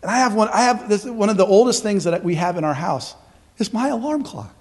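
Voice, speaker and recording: High-voiced emphatic man preaching. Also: expressive, a little fast. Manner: emphatic, rhetorical questions, swings between loud and hushed. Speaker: pastor. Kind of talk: sermon.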